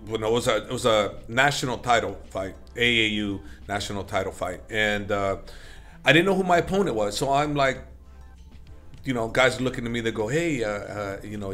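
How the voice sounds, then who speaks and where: A man's voice: mid-range voice, a bit bright. A middle-aged man, an interview guest, telling stories in a rambling, casual way with many fillers and self-corrections. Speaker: interview guest, MMA coach.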